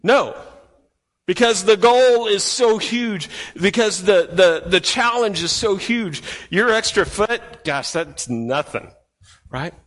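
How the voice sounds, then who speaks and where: A man's voice: expressive, slow. Emphatic male pastor in a reverberant hall. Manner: emphatic, rhetorical questions to the congregation; swings from loud and high to low and quiet. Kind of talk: sermon. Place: church sanctuary. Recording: long reverb from a large hall.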